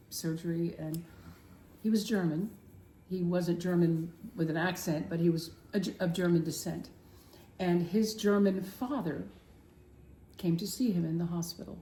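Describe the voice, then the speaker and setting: Slow, tender woman in a roomy echo. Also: lowish voice, dark tone. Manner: slow, tender, drops to a near whisper. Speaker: Christian TV co-host. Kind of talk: storytelling and singing on a talk show. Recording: roomy echo with faint background hum.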